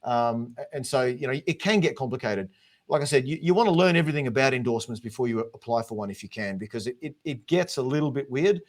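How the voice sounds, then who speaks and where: A man's voice: mid-range voice, animated, fast talker. A man with an Australian accent, a guest drummer giving earnest, encouraging advice in a casual chat. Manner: earnest, talks in long encouraging runs.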